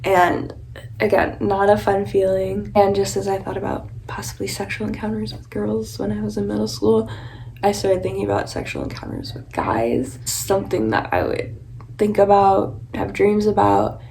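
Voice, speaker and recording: A woman's voice: mid-range voice, moderate pace, gravelly, darkish tone, a little hiss or hum, low-quality recording. A young woman casually telling a personal story in a confiding way, full of filler words. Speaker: content creator.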